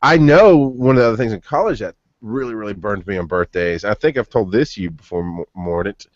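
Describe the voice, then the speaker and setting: A man's voice: on the low side, lively intonation, a little fast, no echo. A man in his thirties hosting a podcast, telling long personal stories with many restarts. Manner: rambling storyteller with frequent restarts. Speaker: podcast host. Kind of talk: casual chat. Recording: dull lo-fi podcast audio.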